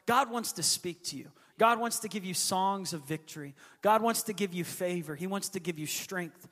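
A man in his thirties, a pastor, preaching a sermon as a lively storyteller who acts out his kids' voices. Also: sits high, normal speed, big-room sound. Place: church hall.

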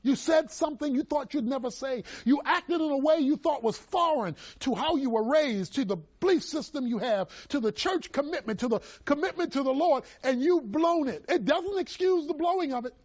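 A middle-aged male pastor preaching a sermon, emphatic, swinging between loud cries and hushed asides. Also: extremely high pitch, lively intonation, moderate pace, hardly any pauses, no echo, studio quality.

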